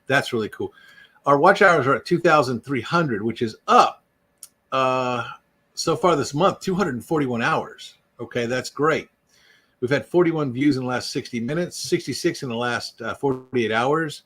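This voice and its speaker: A man's voice: medium pitch, moderate pace, fairly bright tone, slightly rough. A man hosting an unscripted livestream, rambling and joking as he greets viewers by name. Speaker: YouTube livestream host. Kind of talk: casual unscripted live chat.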